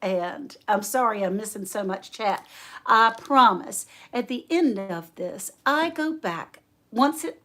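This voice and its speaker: A woman hosting a homestead livestream, telling a story in a folksy, animated way. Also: mid-range voice. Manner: slow, folksy, animated storyteller who laughs often. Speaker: homestead channel host.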